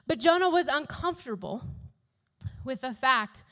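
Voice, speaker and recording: A young woman telling a Bible story to a youth group in a casual, animated way, full of "like" and "literally". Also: high-pitched, normal speed. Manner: animated, chatty, fills talk with "like" and "literally".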